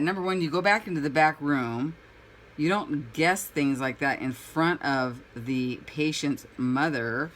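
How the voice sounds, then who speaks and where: A woman's voice: low voice, unhurried, slight background noise, poor audio. A woman chatting casually while painting at home, a rambling storyteller who acts out her own reactions. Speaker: crafting vlogger.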